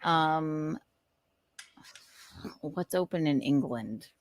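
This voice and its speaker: A woman's voice: low voice, lively intonation, drawn-out words, dry recording. A woman hosting a casual podcast, giggly and self-deprecating while setting up prank calls. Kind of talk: casual comedic chat.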